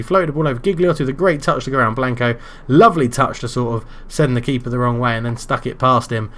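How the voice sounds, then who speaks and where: A British gaming YouTuber with a mid-range voice commentates his own football management game. He stays calm between moves but is excitable, bursting into loud shouting whenever his team scores.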